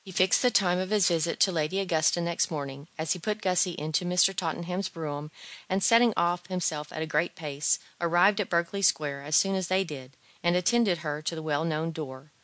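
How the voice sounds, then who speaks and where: A woman narrating a novel with measured, gently wry storytelling. Her voice is low for a woman. The recording is dry and close to the mic. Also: no room sound. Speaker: audiobook reader.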